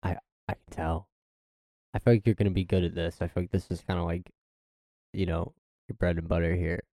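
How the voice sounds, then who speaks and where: A man's voice: sits low, flat delivery, brisk, warm tone, no room sound, clean studio sound. A man playing in a tabletop game, talking casually with lots of "like". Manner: casual, hedging with "like". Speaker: player.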